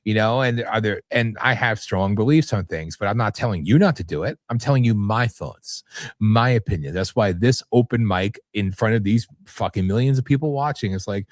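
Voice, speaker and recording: A man's voice: fairly low pitch, normal speed, dry recording. A man hosting a live talk radio show, ranting bluntly with plenty of profanity. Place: radio studio.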